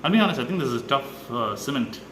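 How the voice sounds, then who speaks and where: A man's voice: medium pitch, expressive, fast, heavy background noise. Man narrating his drilling, hesitant. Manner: hesitant, many "uh" fillers, explains step by step. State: slightly out of breath. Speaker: DIY video maker. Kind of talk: casual how-to narration while working.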